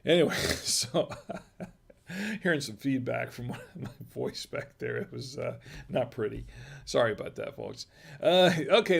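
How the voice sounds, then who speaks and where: A man's voice: mid-range voice, lively intonation, normal speed, creaky. A middle-aged man hosting a wine review livestream, chatting casually in a rambling, digressive way and chuckling often. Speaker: host of a wine review show.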